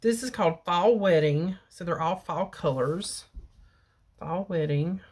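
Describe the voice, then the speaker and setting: A woman's voice: unhurried, a little mellow, husky. A middle-aged woman chatting casually at home about gel polish she bought, showing each bottle to the camera. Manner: chatty, baby-talks her cat in a high cooing voice. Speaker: beauty vlogger. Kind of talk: casual product haul chat. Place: home bedroom.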